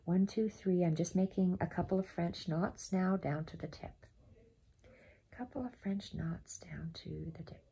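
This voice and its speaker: A woman giving a step-by-step embroidery tutorial at home, softly counting her stitches aloud and often dropping to a half-whisper. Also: on the low side, unhurried, creaky, breathy edge. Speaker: embroidery instructor.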